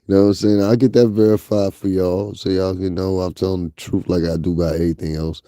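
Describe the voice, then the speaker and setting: A commentary vlogger with a Northeastern US accent dishes casual gossip bluntly and profanely, addressing his viewers directly. His voice is fairly low and mellow with a flat delivery at a quick pace, and the close recording is dry with no room sound.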